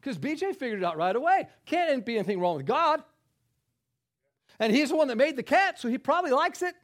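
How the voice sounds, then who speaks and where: A man preaching a sermon, telling a folksy joking story, swinging between loud exclaiming and hushed soft delivery. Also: extremely high pitch, big pitch swings, fairly quick. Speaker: pastor.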